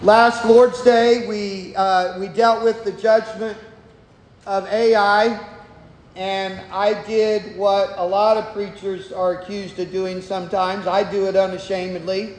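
High-voiced slow-preaching pastor in an echoey hall. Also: male voice, level tone, a little hiss or hum. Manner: slow, measured, with frequent restarts. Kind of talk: sermon with scripture reading. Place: church sanctuary. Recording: echoey hall, long reverb.

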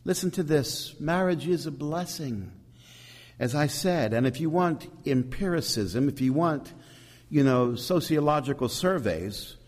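Lively man preaching in a reverberant church. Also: a little high, unhurried. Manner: animated preaching with emphatic rises and asides. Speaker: pastor. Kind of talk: sermon.

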